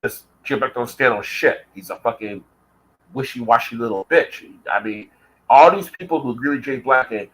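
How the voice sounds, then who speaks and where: A low-quality recording catches a vlogger with a mid-range voice, speaking at a moderate pace. He's on a heated, profanity-laden rant, swearing all the time and saying things over again to stress them.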